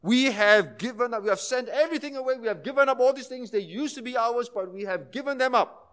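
A man preaching a sermon, moving between quiet explanation and impassioned, emphatic retellings, sometimes dropping almost to a hush. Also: extremely high pitch, quick pace. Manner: impassioned, rising to emphatic intensity then dropping to near-hushed tones.

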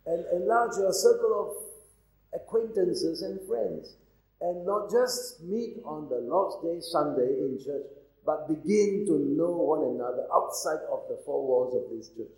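Animated preaching man, roomy church sound. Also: fairly high pitch. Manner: emphatic preaching, reads scripture aloud and exhorts the congregation. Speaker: pastor. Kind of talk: sermon.

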